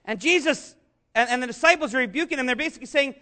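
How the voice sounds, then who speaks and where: A man preaching a sermon, earnest and conversational, rising to shouts on key lines. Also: very high voice, very fast. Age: adult, father of young children. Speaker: pastor.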